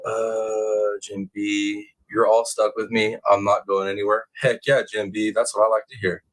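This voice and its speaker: A man hosting a casual true crime livestream, reading chat comments aloud and bursting into excited, high-pitched exclamations. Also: moderate pace, poor audio. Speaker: livestream host.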